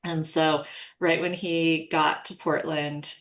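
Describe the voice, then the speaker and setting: Low-voiced woman telling a lively story. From United States. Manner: animated, quotes others in quick asides, laughs often. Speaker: podcast guest, food company co-founder. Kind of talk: casual storytelling.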